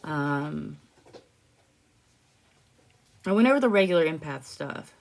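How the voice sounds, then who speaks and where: A woman's voice: deep voice, animated, slow, creaky. A young woman vlogging casually about her own experiences, rambling and emotional, often trailing off with laughs and sighs. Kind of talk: casual personal storytelling to camera.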